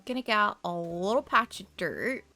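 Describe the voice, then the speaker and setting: A woman chatting casually to herself while decorating in a life-sim game, giggling and thinking out loud. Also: medium pitch, expressive, normal speed. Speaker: game streamer. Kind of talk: casual gameplay commentary.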